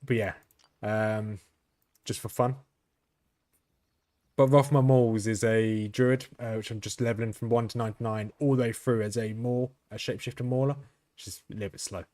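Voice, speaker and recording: Speaking in a lowish voice at normal speed, the host of a gaming channel offers casual gameplay commentary in a flat monotone. He tends to ramble, corrects himself, and lets out the odd chuckle.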